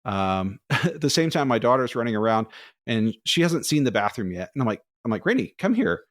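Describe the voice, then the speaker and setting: A man co-hosting a podcast, telling long, rambling personal stories in a casual, animated way. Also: medium pitch, brisk, no room sound, studio quality. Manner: rambling, animated, acts out quoted voices. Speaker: podcast co-host. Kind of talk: casual storytelling.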